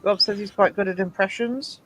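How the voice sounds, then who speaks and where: A man with a high voice and a mixed Scottish and American accent hosts a relaxed online chat. He reads out viewer comments in a casual way. Faint noise sits behind him. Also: normal speed, poor audio. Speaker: host reading chat messages.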